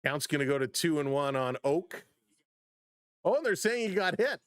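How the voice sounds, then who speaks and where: A man with a high, light voice calls a baseball game on a live stream, recorded close and dry with no room sound. He gets loud and excited on big plays, laughs easily, and greets his chat viewers by name. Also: moderate pace, no echo. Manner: bursts into shouting excitement on big plays, chuckles often. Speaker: live stream play-by-play host. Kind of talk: excitable baseball play-by-play with chat shout-outs.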